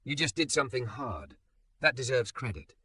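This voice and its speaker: A man voicing a calm young man who counts someone through their breathing, speaking slowly, steadily and reassuringly. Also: medium pitch, breathy edge, no echo, pitched above the performer's own voice, full character voice.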